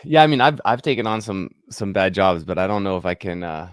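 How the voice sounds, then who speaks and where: Male podcast host, low voice, relaxed, short replies, dry sound. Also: brisk, no room sound. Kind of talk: casual chat.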